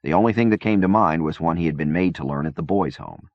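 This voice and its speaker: A man reading a novel aloud in measured, even scripted narration. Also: sits low, no room sound. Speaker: audiobook reader. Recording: dull dry cassette-era recording.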